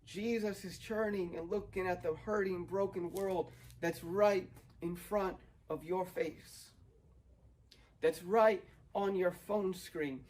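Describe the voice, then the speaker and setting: A man's voice: sits high, fairly even intonation, slow pace, darkish tone, low-quality recording. A young man preaching a sermon outdoors, earnest and building to fervent emphasis. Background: dog barking, wind.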